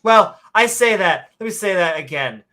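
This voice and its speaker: A woman's voice: medium pitch, lively intonation, moderate pace, sharp tone. A woman hosting a casual livestream chat, bubbly and rambling, laughing often. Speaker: host.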